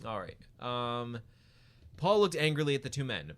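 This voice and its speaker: A man reading fanfiction aloud on a comedy podcast, often laughing mid-sentence. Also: moderate pace. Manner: reads with lively pitch, breaks into laughter.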